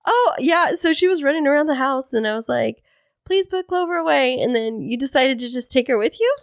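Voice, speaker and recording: A woman co-hosting a podcast in casual chat, talkative and quick to laugh. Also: sits high, no echo, studio quality. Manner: chatty, laughs easily. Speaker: podcast co-host.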